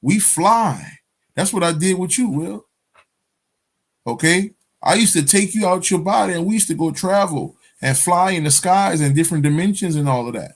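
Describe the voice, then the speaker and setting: A man's voice: high-pitched, lively intonation, normal speed, voice pushed up. A man voicing a sweet-talking, motherly female river spirit who coaxes and calls him boy. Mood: coaxing.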